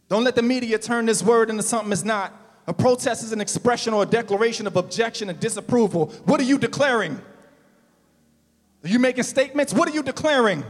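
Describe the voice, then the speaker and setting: A male pastor preaching a sermon, building to shouts and slowing down for emphasis. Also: high voice, in a large hall.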